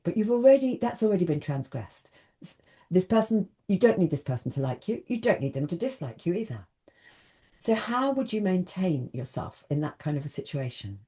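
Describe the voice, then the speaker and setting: Woman, self-help speaker, talks straight to camera, lively pitch. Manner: earnest, addresses the viewer directly with questions. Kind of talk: motivational talk to camera.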